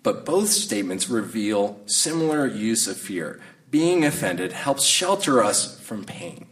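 A man's voice: on the low side, very animated, a bit bright. Male pastor preaching, slightly off-mic. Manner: conversational, reflective, halting with restarts. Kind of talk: sermon. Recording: voice a bit distant from the mic.

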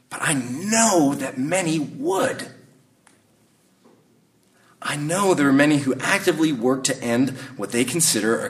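A man, preaching a sermon in a conversational, reflective way, sometimes pausing and restarting his sentences. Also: on the high side. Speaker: pastor. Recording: voice a bit distant from the mic.

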